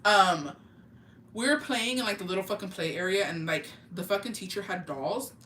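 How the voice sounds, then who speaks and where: Young woman rambling a storytime, cussing and slangy, bright tone, mic kinda far, faint hum behind. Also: mid-range voice, moderate pace. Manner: profane, animated, slangy storytelling. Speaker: vlogger. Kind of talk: storytime vlog. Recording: echoey room, mic at a distance, faint ambience.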